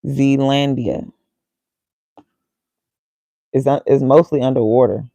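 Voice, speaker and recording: A man's voice: medium pitch, steady tone, slow, gravelly, mellow, dry recording, poor audio. A man casually thinking aloud as he reads, muttering and reacting to himself. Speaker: vlogger.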